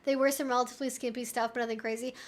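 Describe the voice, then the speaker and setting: High-voiced chatty woman streamer. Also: flat delivery, very fast. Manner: chatty and candid, peppered with "like". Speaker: live-stream host answering viewer questions. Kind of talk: casual live-stream Q&A chat. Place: at home with her pets.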